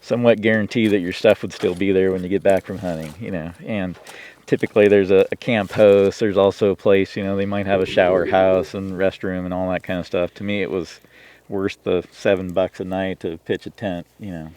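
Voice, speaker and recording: Rambling low-voiced man telling stories. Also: little pitch movement, a little fast, a little mellow. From Washington State, US. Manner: rambling, lots of "you know" and restarts. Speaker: podcast guest, turkey hunter. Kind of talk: casual storytelling conversation.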